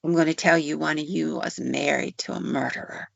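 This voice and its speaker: A woman's voice: low voice, steady tone, brisk, vocal fry, dry recording, full character voice. A woman voicing a stern old mountain witch, with a scolding, ominous manner. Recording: dull lo-fi audio.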